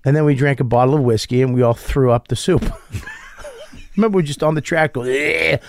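A man chatting as a guest comedian, telling stories in an animated way, acting out other people's voices and swearing freely. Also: medium pitch, fairly quick, no echo, studio quality. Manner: animated storyteller, acts out voices, swears a lot. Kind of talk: casual podcast conversation.

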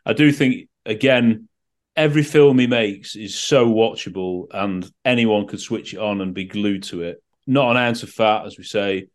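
A man's voice: lowish voice, moderate pace. A man giving opinions in a casual film podcast chat. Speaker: podcast co-host.

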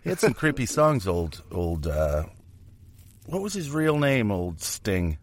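Sweary, joking man with a lively voice. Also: lowish voice, measured pace. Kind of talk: casual chat.

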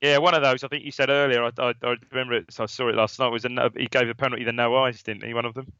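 A man's voice: mid-range voice, flat delivery, rapid-fire, bright, forceful tone, clean tone, no echo. Bantering man on a football podcast. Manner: banters and jokes with his co-host. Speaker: podcast co-host. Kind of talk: casual football podcast chat. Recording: dull lo-fi dry recording.

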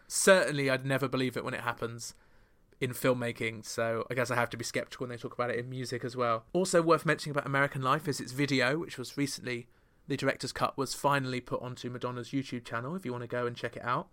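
Man, podcast host, wry joking chart commentary, middle pitch. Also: a little fast, bright, forceful tone.

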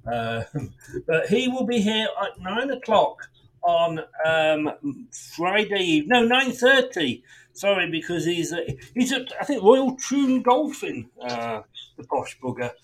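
A man's voice: high voice, very animated, slow, fairly bright tone. A man hosting a football prediction podcast over a video call, chatty and self-mocking, laughing often. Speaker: podcast host. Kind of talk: casual chat.

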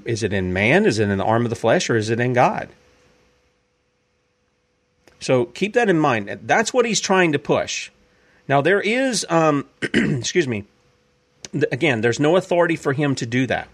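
A man's voice: mid-range voice, sing-song, normal speed. A man hosting an opinionated commentary show, talking emphatically and repeating his points for effect. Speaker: podcast host.

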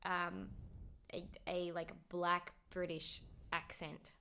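A woman's voice: lowish voice, flat delivery, takes it slowly, bright, forceful tone. A woman hosting a podcast, chatting casually and laughing often, slipping into playful silly bits. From Australia. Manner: giggly, playful, bursts into silly voices. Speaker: podcast host. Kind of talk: casual chat.

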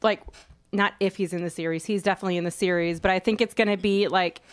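A woman with a smooth, clear voice chatting casually as co-host. She teases her partner dryly and gives her opinions quickly. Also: fairly low pitch, steady tone. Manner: wry, teasing, quick opinions. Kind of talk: casual chat.

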